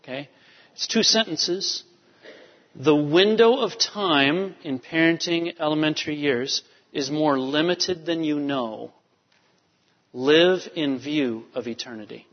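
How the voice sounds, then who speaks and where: A pastor telling a family story in a sermon, storytelling with many fillers. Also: male voice, a little high, takes it slowly. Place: church sanctuary. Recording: dull reverberant church hall. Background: long hall reverb.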